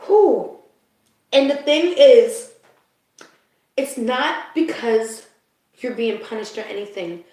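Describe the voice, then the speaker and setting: Woman doing a live spirit reading, kinda high voice, gets emotional, keeps asking "you know?", big echo in the room. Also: darkish tone. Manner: emotional, confiding, laughs often; keeps checking in with the listener. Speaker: spiritual reader. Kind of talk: live card reading to viewers. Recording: very echoey room.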